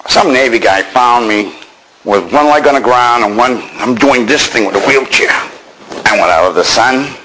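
A man's voice: medium pitch, normal speed, sharp tone, slight background noise, rough recording. An older man from Maine telling his own war story with dry, wry understatement. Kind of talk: personal storytelling.

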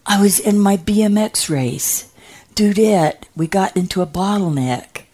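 A woman's voice: mid-range voice, expressive, measured pace, dark tone, husky, voice pushed up. Woman doing a brash slangy teenage boy. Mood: cocky. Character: cocky sixteen-year-old boy, surfer slang, rude.

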